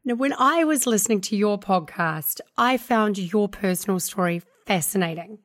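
A woman's voice: medium pitch, expressive, normal speed, fairly bright tone. A woman hosting a podcast, upbeat and earnest, reading her intro and then interviewing a guest. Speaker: podcast host. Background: music.

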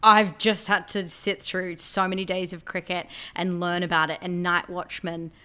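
A woman hosting a casual chat, throwing in quick interjections and self-deprecating asides. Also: on the low side, level tone, pushed and bright, clear, resonant tone.

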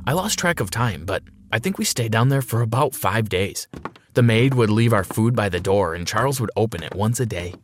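A man narrating a first-person story in an expressive storytelling manner. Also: on the low side, brisk, slight background noise.

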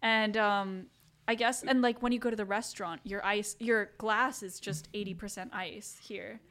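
A woman's voice: medium pitch, steady tone, moderate pace, fairly bright tone. A woman in her twenties from Iceland, chatting casually as a podcast co-host. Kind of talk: casual chat.

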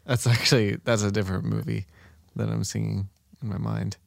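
A man's voice: lowish voice, level tone, fairly quick, creaky, no echo, studio quality. A man in casual chat, laid-back and joking, mostly giving short replies.

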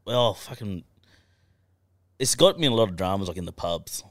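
A young Australian man with a lowish voice that swings up and down a lot, telling rowdy stories as a podcast guest. He swears constantly and laughs through his yarns. His voice is close and dry, with no room echo. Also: lively intonation, normal speed. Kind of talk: casual storytelling chat.

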